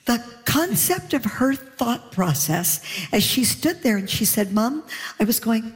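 A Canadian woman on a comedy panel, telling stories in an animated way and laughing as she goes. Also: on the high side, a little slow, big-room sound. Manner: animated storyteller, laughs while telling anecdotes. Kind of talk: panel discussion.

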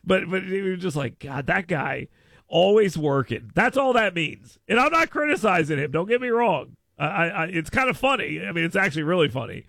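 Lively chatty male radio host. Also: high voice, fairly quick, gravelly, no echo, clean studio sound. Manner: animated storytelling with laughs and mock voices. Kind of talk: casual radio banter.

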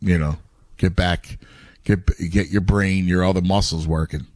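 A man's voice: low voice, fairly even intonation, measured pace, darkish tone, no echo, studio quality. A middle-aged man in casual chat who talks animatedly, stumbles over his words, and says "dude" a lot.

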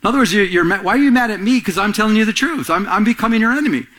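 Animated preaching man, fairly high voice. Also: very fast. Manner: animated preaching, acting out quotes with rising pitch; repeats and restarts phrases. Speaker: pastor. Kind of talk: sermon.

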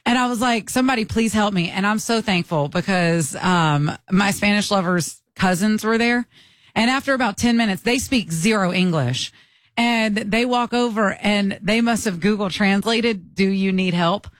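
A woman from Michigan co-hosting a casual chat, telling a story in an animated way and laughing often. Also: medium pitch, normal speed, dry recording. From Michigan, USA.

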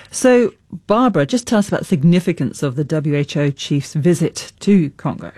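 A news presenter reading scripted links and questioning a correspondent in a crisp delivery. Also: medium pitch, animated, moderate pace, few pauses, a little mellow, no echo, clean studio sound.

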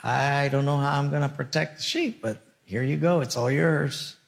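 A man preaching voices a young male shepherd who protests, pleads and gives in, his voice climbing high when he complains. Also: moderate pace, creaky. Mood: reluctant. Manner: whiny, protesting, rising to high exasperation.

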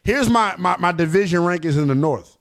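A man hosting a call-in sports radio show, brash and animated as he trash-talks teams with callers. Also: high voice, brisk.

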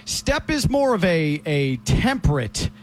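A man's voice: on the high side, very animated, slow pace, slight background noise. A man who works as a sports broadcaster, talking sports casually and emphatically as a co-host. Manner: emphatic, opinionated.

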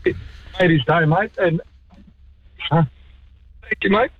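A man's voice: sits high, unhurried, breathy edge, no room sound. A man with an Australian accent calling in to a radio show, grateful and a little emotional. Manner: grateful, emotional, calls host mate. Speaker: caller. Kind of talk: call-in radio chat. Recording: muffled phone line.

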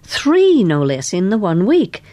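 A woman's voice: lowish voice, sing-song, moderate pace, a little mellow. A woman voicing a chatty male office worker who relishes passing on gossip. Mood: gossipy.

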